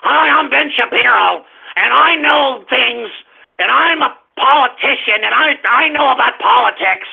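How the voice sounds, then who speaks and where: A man doing a smug, pompous young pundit in a parody bit. The voice sits very high for a man, with a gravelly edge. It comes through a thin, phone-like line. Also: exaggerated voice. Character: smug self-assured young male pundit. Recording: tinny phone-line sound.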